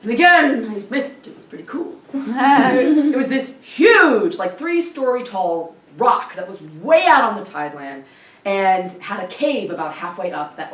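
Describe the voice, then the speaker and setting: A woman telling a comic story in a solo show, animated and laughing often as she voices the people in it. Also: high-pitched, reverberant, far from the mic, slight background noise. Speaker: comedic storyteller. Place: live performance venue.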